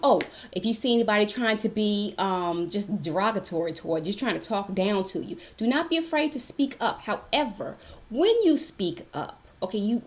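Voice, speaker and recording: Emphatic woman giving advice, checking in. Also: medium pitch. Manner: emphatic, keeps checking in with "okay?"; chatty, repeats herself for emphasis. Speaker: vlogger giving workplace advice. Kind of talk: casual talk-to-camera advice.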